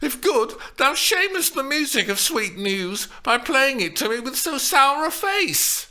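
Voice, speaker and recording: A man voicing an excitable young woman acting Juliet, screeching and nagging. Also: high-pitched, unhurried, pitched above the performer's own voice, heavily acted. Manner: screeching, impatient.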